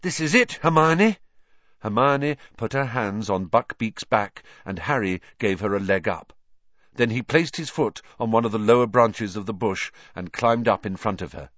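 A man's voice: lowish voice, moderate pace, fairly bright tone, dry recording, muffled recording. A man narrating an audiobook, reading expressively and voicing the characters.

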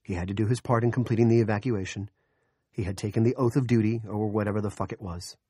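Low-voiced man narrating an audiobook. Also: steady tone, fast, mellow, slightly rough, dry recording, clean studio sound. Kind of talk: scripted narration.

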